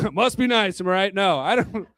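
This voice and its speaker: A man's voice: high voice, animated, normal speed, fairly bright tone, dry recording, studio quality. A man doing a stand-up comedy set at a bar into a handheld microphone, crude and rambling, a bit tipsy, chuckling at his own jokes. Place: bar hosting a live comedy night.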